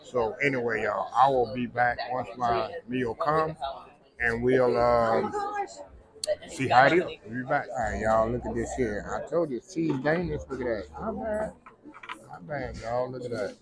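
A man's voice: mid-range voice, moderate pace, poor audio. A man, vlogging casually aboard a cruise ship in a folksy, chatty way and talking straight to his viewers. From Texas. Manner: folksy, chatty, keeps addressing viewers as "y'all". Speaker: food vlogger. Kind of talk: casual vlog narration. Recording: busy crowd noise behind. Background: crowd chatter.

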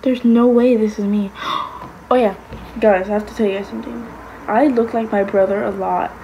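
A woman's voice: mid-range voice, steady tone, moderate pace, gravelly, warm tone, muffled recording, a little hiss or hum. A young woman vlogging casually, gushing and exclaiming, sometimes dropping to a whisper. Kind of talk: casual reaction vlog.

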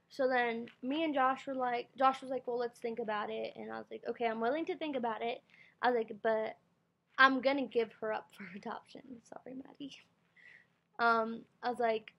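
This young adult woman has a fairly high, fairly bright voice with vocal fry. She records a meandering storytime vlog on her computer's built-in webcam mic, filling it with fillers and lines of quoted self-talk.

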